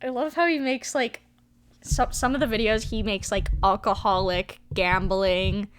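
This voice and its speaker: A woman's voice: mid-range voice, fairly even intonation, unhurried, slight background noise. A young woman chatting casually at home for her vlog, giggly and full of fillers, often trailing off and restarting. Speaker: vlogger. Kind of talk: casual rambling vlog chat.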